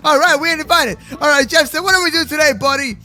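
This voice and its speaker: Excitable high-voiced man hosting game banter. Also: fast. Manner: excitable, shouty, slangy. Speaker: game roleplay host. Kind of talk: excited gaming role-play banter. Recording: game commentary over faint music.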